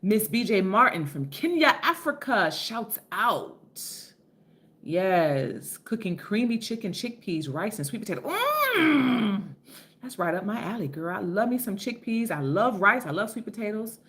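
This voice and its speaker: A woman's voice: medium pitch, lively intonation, moderate pace, hardly any pauses, fairly bright tone. A woman from Philadelphia hosting a casual live stream. She talks in a chatty, effusive way, greets her viewers by name and swears freely. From Philadelphia, USA. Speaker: livestream host.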